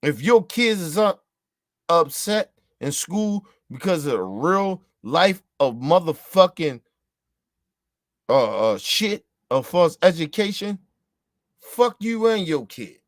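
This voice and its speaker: Heated ranting host, American man, high-pitched and heated, profane, repetitive delivery, close dry sound. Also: very animated, slow pace, dry recording. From United States. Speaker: show host. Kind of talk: ranting monologue.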